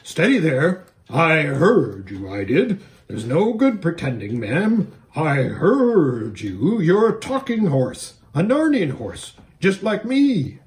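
A man's voice: fairly high pitch, huge pitch swings, slow pace, few pauses, darkish tone, exaggerated voice. Bree, a man doing a pompous talking warhorse. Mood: indignant. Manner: pompous, lecturing. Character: proud talking male warhorse, bossy.

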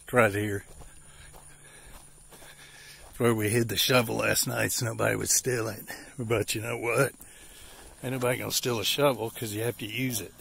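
A man's voice: fairly low pitch, steady tone, normal speed, vocal fry, pauses often, a bit bright, husky. A man with an Appalachian accent narrating outdoor work casually, out of breath and joking in folksy slang. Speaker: vlogger.

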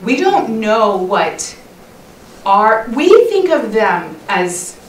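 A woman's voice: mid-range voice, big pitch swings, drawn-out words. A middle-aged woman telling a chatty, self-mocking story to a church women's session, laughing often. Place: church hall. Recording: roomy hall sound, mic at a distance.

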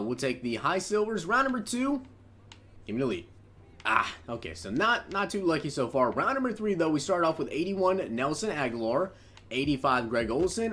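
A young man commenting on his own game pack openings, casual and animated, shouting with excitement at big pulls. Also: on the high side. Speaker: gaming YouTuber opening packs.

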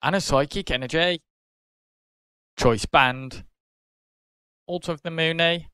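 A British man hosting a card-opening video, casually calling out each card and getting excited over good pulls. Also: on the high side, slow, smooth, dry recording. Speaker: card-opening channel host.

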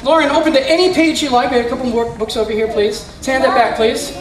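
A very high-voiced man talks fast as he performs magic for schoolchildren, leading child volunteers through mind-reading tricks with theatrical, playful patter. The recording catches him from a distance in an echoey indoor school room or gym.

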